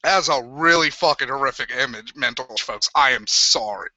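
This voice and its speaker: A young man hosting a live wrestling review, swearing constantly and ranting with loud, crude sarcasm. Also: mid-range voice, normal speed, no room sound. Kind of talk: profane live review rant. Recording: dull lo-fi sound.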